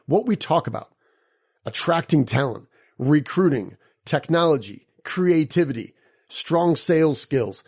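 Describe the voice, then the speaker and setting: A man's voice: a little high, darkish tone. A man hosting a podcast, reading an introduction and then chatting with guests in an upbeat, joking way. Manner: upbeat, joking, playful asides. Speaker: podcast host. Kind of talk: scripted intro, then casual interview chat.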